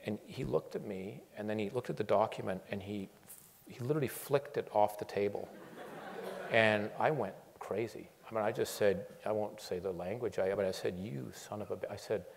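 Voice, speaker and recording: A man speaks in a fairly low voice, and the sound has the long echo of a lecture hall. He talks in an animated way, stopping and restarting often and repeating words as he tells his story. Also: moderate pace, vocal fry, slight background noise. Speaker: guest speaker.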